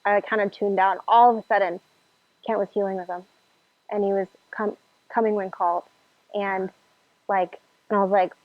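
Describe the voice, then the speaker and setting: A woman's voice: mid-range voice, fairly even intonation, normal speed, long pauses. A woman casually telling a personal story, acting out her own past reactions with lots of "like" fillers. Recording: dull lo-fi sound, faint music behind.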